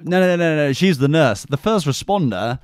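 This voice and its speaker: A man co-hosts a podcast, his voice a little high and his pace normal, as he tells a rowdy story in casual conversation. He's animated and sweary and acts out quotes in camp voices, with no echo in the recording.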